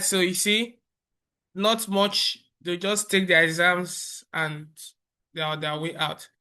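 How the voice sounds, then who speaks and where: This man's high-pitched voice guides viewers through a software tutorial on a screen recording. He explains each step casually, with fillers and false starts along the way.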